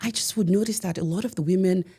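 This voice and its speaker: Low, mellow-voiced woman telling a story. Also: slightly rough. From United States. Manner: emphatic, repeats key phrases, pauses for effect. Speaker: podcast guest. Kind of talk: conversational storytelling.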